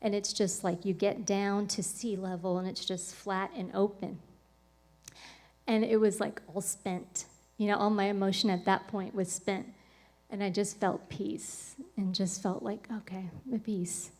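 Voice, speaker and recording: A woman's voice: mid-range voice, level tone, measured pace, darkish tone. A woman speaking on a podcast, telling a personal story in a casual, rambling way with lots of "like" and "um". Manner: rambling, full of "like" and "um" fillers.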